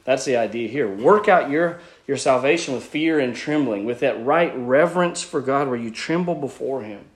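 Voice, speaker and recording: A man preaching from the pulpit, working through a scripture passage point by point. He speaks at a middle pitch in an earnest, teacherly way, often restarting his phrases as he explains. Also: normal speed. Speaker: pastor. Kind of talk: sermon.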